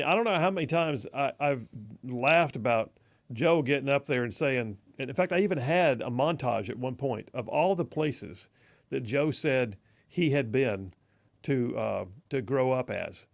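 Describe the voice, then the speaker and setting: A male talk radio host, chatting casually, reading listener texts aloud and chuckling as he goes. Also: medium pitch. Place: radio studio.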